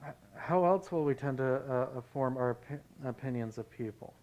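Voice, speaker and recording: A pastor leading a Bible study, talking in a conversational way and telling anecdotes. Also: male voice, medium pitch, a little fast, a little mellow, muffled recording.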